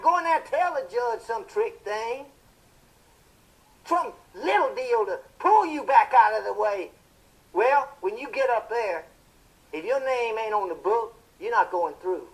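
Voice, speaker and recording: An actor playing a fiery male television preacher, delivering a sermon in a booming, impassioned style with drawn-out emphatic phrases. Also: a bit bright, exaggerated voice, low-quality recording.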